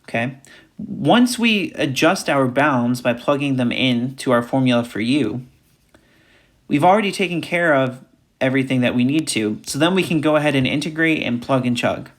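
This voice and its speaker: A man's voice: mid-range voice, lively intonation, normal speed. A man teaching a recorded math lecture, talking through each step aloud and repeating key points. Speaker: math instructor.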